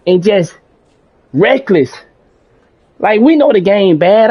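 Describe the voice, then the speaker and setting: A man with a fairly high voice talks through his thoughts on a gaming stream, calm and rambling, often restarting his sentences. The audio is dull and lo-fi, like a home stream setup. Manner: calm, rambling and self-reflective with frequent restarts; casual speech with mild swearing. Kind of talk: reflective casual monologue.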